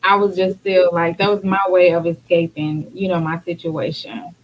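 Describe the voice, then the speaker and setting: A woman's voice: fairly low pitch, little pitch movement, normal speed, low-quality recording. A woman hosting a talk show, candidly and reflectively sharing her own experience in casual conversation. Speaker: podcast host.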